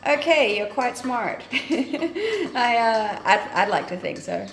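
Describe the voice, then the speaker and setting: A woman's voice: on the high side, big pitch swings, slow pace. Chatty Danish-born woman streamer, echoey. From Denmark. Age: 20s. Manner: cheerful, teasing, laughs often. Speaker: livestream host. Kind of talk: casual chat reading viewer comments. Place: home kitchen. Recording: echoey room with faint music.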